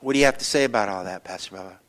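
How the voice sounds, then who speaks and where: A middle-aged man preaching a sermon as pastor, telling stories with animated energy and dropping to quiet, earnest emphasis. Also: lowish voice, very fast. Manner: animated storytelling that shifts between loud excitement and quiet earnest emphasis.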